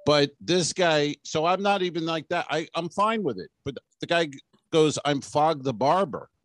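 This podcast co-host's voice is a little high and a bit bright, at normal speed with no echo. Amid casual comedy banter, he tells a story bluntly and laughs at himself.

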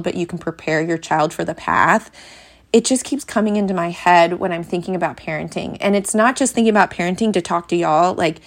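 Chatty young mom with a lowish voice. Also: female voice. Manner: chatty, frank, acts out quotes in a bright higher voice. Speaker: parenting podcast host. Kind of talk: casual chat.

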